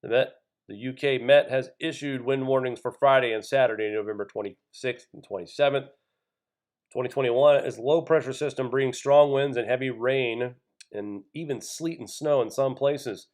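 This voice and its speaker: A mid-pitched man hosts his own channel, reading out weather reports and breaking off to comment. His tone is indignant and conversational, and he keeps turning to his viewers to address them as folks. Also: normal speed, darkish tone. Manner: reads news items aloud then comments. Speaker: channel host.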